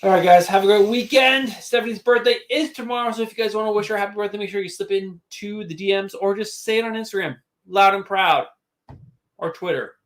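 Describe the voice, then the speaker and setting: A man co-hosting a casual livestream, speaking in an easygoing way with halting restarts. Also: high voice. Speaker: co-host.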